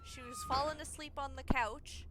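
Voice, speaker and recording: A woman's voice: sits high, wildly swooping pitch, normal speed, background noise. A young woman streaming a video game, chatting in a rambling way with fillers. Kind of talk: casual chat while playing a video game.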